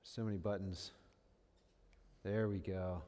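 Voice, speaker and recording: A man's voice: sits low, steady tone, slow, warm tone. A man in his thirties giving a casual sermon-style talk as a guest speaker, chatty and self-deprecating, often checking in with listeners. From northern New York State. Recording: long hall reverb.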